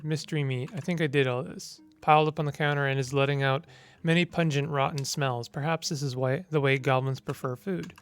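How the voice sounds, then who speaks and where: A man's voice: fairly high pitch, smooth. Man casually playing a text game. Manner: reads game text aloud, mumbling menu choices. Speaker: gamer. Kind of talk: casual gameplay commentary.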